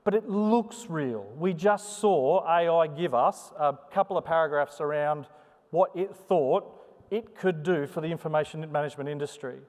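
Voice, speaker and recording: A somewhat high-voiced man gives a live conference talk, his intonation rising and falling in a sing-song way. He jokes and chats with the audience. The sound carries a long reverb from the hall. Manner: chatty, joking, animated delivery. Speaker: conference presenter.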